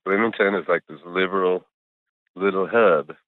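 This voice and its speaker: A middle-aged man with a deep, low voice chats in a laid-back, rambling way, full of fillers and cuss words. He comes through a thin, phone-like remote line with no room sound at all. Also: normal speed, no echo. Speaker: guest musician. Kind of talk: casual interview chat over a call.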